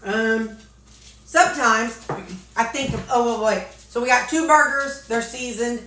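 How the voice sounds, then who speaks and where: A woman's voice: on the high side, unhurried, a bit bright, reverberant, slight background noise. A woman with a Missouri accent, chatting and joking casually while eating, talking with her mouth full. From Missouri, USA. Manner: folksy, joking, talks with a mouthful. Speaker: weight-loss vlogger.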